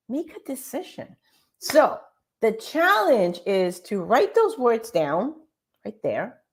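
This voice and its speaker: A woman hosting a morning show, giving an emphatic, animated motivational talk over slides and speaking straight to her audience. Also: a little high. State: tired.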